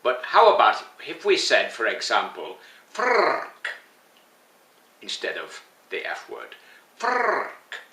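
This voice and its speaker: Man, slow halting delivery, earnest and gently humorous, lively pitch, bright tone, echoey room. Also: distant mic. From England. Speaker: vlogger. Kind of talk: spoken opinion piece.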